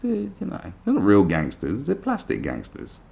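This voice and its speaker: A man's voice: on the low side, huge pitch swings, normal speed, vocal fry, a little mellow. A man hosting a podcast, delivering a sarcastic, profane political rant full of mockery. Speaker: podcast host. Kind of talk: ranting political monologue.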